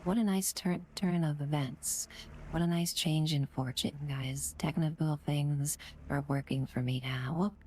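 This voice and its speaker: A woman streaming from home, chatting casually with her viewers, often slipping into breathy whispered asides and gushing thank-yous. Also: low-pitched, steady tone, unhurried, darkish tone, slight background noise. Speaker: live streamer. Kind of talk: casual chat with live viewers.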